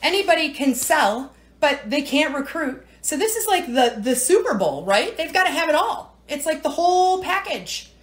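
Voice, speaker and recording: Woman, high voice, chatty and teary, rambling livestream talk from home. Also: big pitch swings, moderate pace. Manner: chatty, rambling, emotional, frequent "right?" and "you know". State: tearful, near crying. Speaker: direct-sales team leader. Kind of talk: casual livestream talk to viewers.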